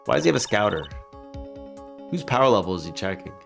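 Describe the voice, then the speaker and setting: A man with a low, gravelly voice talks through a game in casual let's play chat. He jokes, laughs easily and restarts his sentences, with soft music under him. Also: sing-song, quick pace. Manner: joking, laughs often, hesitant restarts.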